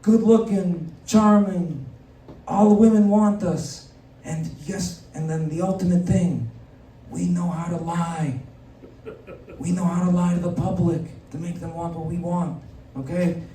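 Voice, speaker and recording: A man doing an impression of a scheming older president who talks like a mob boss, in a slow, low conspiratorial drawl. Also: fairly even intonation, mellow, slight background noise. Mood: smug. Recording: echoey room, mic far off.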